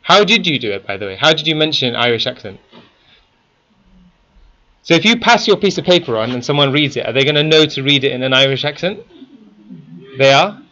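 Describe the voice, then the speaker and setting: A man's voice: a little high, lively intonation, brisk, pauses often, pushed and bright, muffled recording. A man teaching a class, constantly quizzing his students with questions. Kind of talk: interactive classroom lesson.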